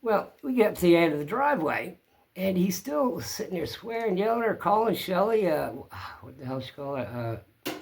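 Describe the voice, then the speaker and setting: A man's voice: high-pitched, very animated, moderate pace, vocal fry, a little hiss or hum. A man hosting his own channel, telling a story to camera in a plainspoken, rambling way. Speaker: channel host.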